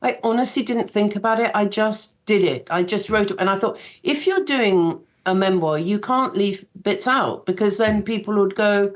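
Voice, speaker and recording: An older woman talks in a chatty, self-deprecating way, slipping into little voices for the people in her stories. She has a medium-pitched voice, and the sound is a touch dull and muffled. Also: normal speed, few pauses. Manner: chatty, self-deprecating, acts out quoted dialogue. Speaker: guest author. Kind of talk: casual radio interview.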